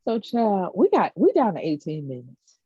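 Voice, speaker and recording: A woman co-hosting a casual TV recap podcast, animated and acting out characters' lines with frequent laughs. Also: medium pitch, normal speed, husky, no echo, highs cut off. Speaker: podcast co-host.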